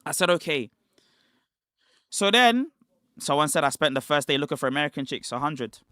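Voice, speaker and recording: Bright-voiced young British man on a stream. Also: fairly high pitch, lively intonation, clean tone, no echo, studio quality. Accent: British English. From Britain. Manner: rambling, slangy, quick restarts. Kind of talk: casual livestream storytelling.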